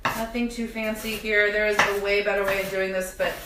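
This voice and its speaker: A woman's voice: medium pitch, little pitch movement, a little fast, reverberant, far from the mic, heavy background noise. A young woman hosting a live cooking demonstration in her home kitchen, chatting directly to viewers with self-deprecating humor while her eyes water from onions. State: teary-eyed from onions. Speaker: cooking show host. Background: kitchen clatter of pots and dishes.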